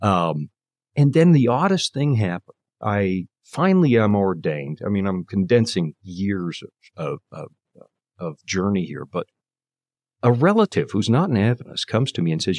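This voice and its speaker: Brief: fifties man, guest preacher, testimony storyteller, lower voice that swings widely, dry close sound. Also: moderate pace, dry recording. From Canada. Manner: animated storyteller, acts out quoted voices. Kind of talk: personal testimony in conversation.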